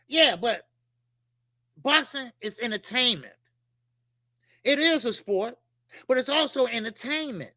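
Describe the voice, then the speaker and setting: A man's voice: extremely high pitch, animated, normal speed, pauses often, sharp tone, dry recording, clean studio sound. A man hosting a boxing show, ranting in a heated, profane way, throwing questions straight at his viewers and repeating lines for emphasis. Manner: fired-up, profane, rhetorical, talks straight to viewers. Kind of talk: heated casual boxing rant.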